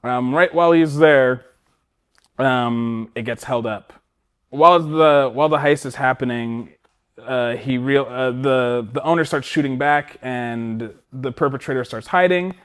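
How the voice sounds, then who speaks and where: A man's voice: mid-range voice, unhurried, clean tone. A man co-hosting a podcast, recapping a film in casual chat and acting out the characters' lines as he goes. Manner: animated storytelling, acting out characters' lines with laughs. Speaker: podcast co-host.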